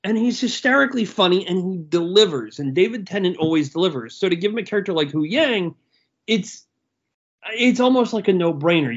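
A man's voice: sits high, highs cut off. A man co-hosting a casual podcast review, talking enthusiastically and rambling with frequent restarts. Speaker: podcast co-host.

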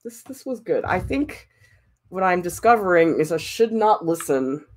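A woman art teacher chatting casually while sculpting, animated and laughing often. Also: on the low side, moderate pace.

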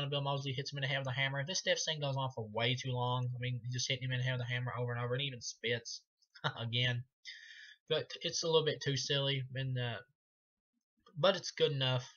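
A man's voice: mid-range voice, sharp tone, lo-fi sound. A man giving a casual spoken film review, rambling, laughing often and swearing freely.

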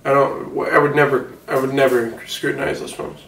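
A man's voice: mid-range voice, fairly even intonation, normal speed, a bit bright, roomy sound, recorded from a distance, natural voice, rough recording. A man playing a rambling, boastful movie mogul. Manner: rambling, distracted, boastful, defensive. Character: older male film mogul, rambling, self-important. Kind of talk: satirical mock interview.

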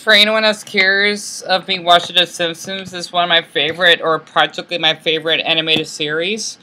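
Squeaky, hesitant young American man. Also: little pitch movement, fairly quick, few pauses. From United States. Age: late 20s. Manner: soft-spoken and hesitant, with many restarts and fillers. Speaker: vlogger. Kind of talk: casual vlog monologue. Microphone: laptop built-in mic.

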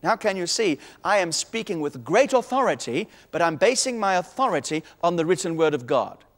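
A man's voice: high voice, very animated, brisk, long reverb tail. A man preaching a sermon, teaching with emphatic authority and quoting scripture.

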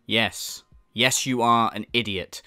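A man's voice: mid-range voice, fairly even intonation, takes it slowly, sharp tone, clean tone, soft background music. A man hosting a mocking commentary, sarcastic and sweary, often mimicking others in exaggerated voices. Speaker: commentary channel host.

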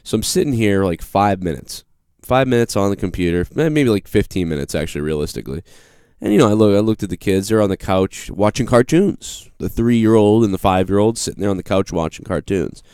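A man's voice: fairly low pitch, fairly quick, darkish tone, smooth, no room sound, clean studio sound. A man in his thirties with a Boston accent, hosting a live show and telling a rambling, profane story about his own mishaps. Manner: rambling, profane, self-deprecating. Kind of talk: casual live-stream storytelling.

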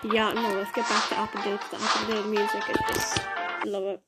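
A woman chatting excitably to viewers while playing a game, with loud game music behind her voice. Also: mid-range voice, brisk, poor audio. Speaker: gameplay video maker. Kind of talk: casual gameplay commentary.

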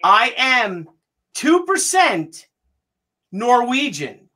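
A man hosting a casual family chat, excited and teasing, who keeps stalling with "hang on". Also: extremely high pitch, extremely slow. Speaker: host.

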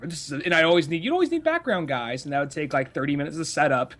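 A man's voice: fairly high pitch, big pitch swings, very fast, hardly any pauses, fairly bright tone, a little hiss or hum. A man co-hosting a podcast in casual chat, rambling and swearing often with many fillers. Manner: rambling, profane, heavy on "like". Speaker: podcast co-host.

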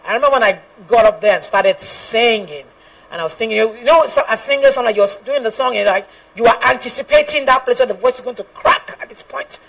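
A woman's voice: fairly high pitch, fast talker, creaky, fairly bright tone, far from the mic, low-quality recording. A woman gospel singer giving an earnest personal testimony, laughing often and quoting scripture.

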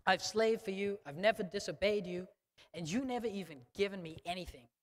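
A man's voice: high voice, fairly quick, lightly acted. A man voicing a resentful older son who speaks in an indignant, scolding way. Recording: long church reverb.

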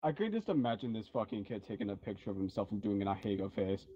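A man's voice: on the low side, animated, fast, warm tone, slightly rough, lo-fi sound. A young man in casual gaming voice chat, incredulous and swearing, with theatrical outbursts. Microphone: gaming headset.

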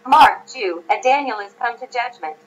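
A woman's voice: on the high side, lively intonation, normal speed, dull audio, a little hiss or hum, natural voice. A woman reading the part of a boastful young man who likes to copy his lord and mocks his foe, in an audiobook. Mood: mocking.

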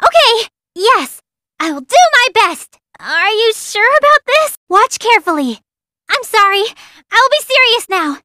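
A very high, bright voice of a timid but eager young girl warrior from a game. She shouts polite battle calls and stammers when nervous. The sound is dry and close. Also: sing-song, measured pace, dry recording, full character voice. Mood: earnest. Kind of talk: game voice-line reading.

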